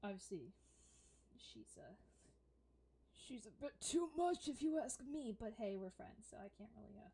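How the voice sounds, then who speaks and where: A woman voicing a dry, low-key young half-elf woman who apologizes for her friend. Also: expressive, moderate pace, creaky, pauses often, dark tone, slightly rough, full character voice. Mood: wry.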